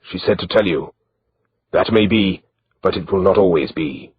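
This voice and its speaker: A man's voice: low voice, normal speed, lo-fi sound, slight background noise, natural voice. Man voicing a wry guarded guide with a broken accent. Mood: dry.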